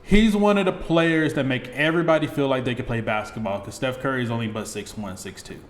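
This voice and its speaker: A man's voice: medium pitch, a little fast, reverberant. A man co-hosting a casual news chat, throwing in dry, teasing one-liners. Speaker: co-host. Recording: faint background noise.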